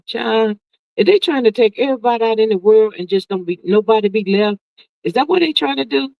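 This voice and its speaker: A woman hosting a casual livestream, reading viewer comments aloud and reacting in a sassy, drawn-out way, calling everyone "child" and "honey". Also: on the high side, creaky, no room sound. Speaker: livestream host. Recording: dull, lo-fi, dry sound.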